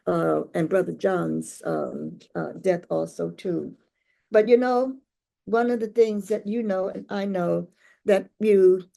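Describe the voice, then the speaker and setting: A woman's voice: on the low side, gravelly, warm tone. An older woman poet, reading a poem and then telling stories in a rhythmic, playful way, acting out voices. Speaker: poet and speaker. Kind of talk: poetry reading and storytelling talk.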